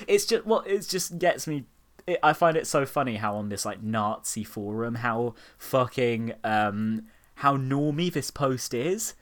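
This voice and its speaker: A man's voice: mid-range voice, animated, measured pace, fairly bright tone. A man hosting a casual comedy podcast, sarcastic and laughing often as he mocks what he reads. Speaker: podcast host. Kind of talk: casual comedic chat, reading posts aloud mockingly.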